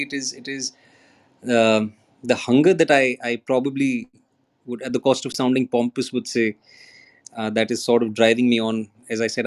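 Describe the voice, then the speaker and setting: A man, an actor chatting as a guest. He talks earnestly, with many restarts and fillers, and slips into Hindi. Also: mid-range voice. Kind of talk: casual chat on an audio app.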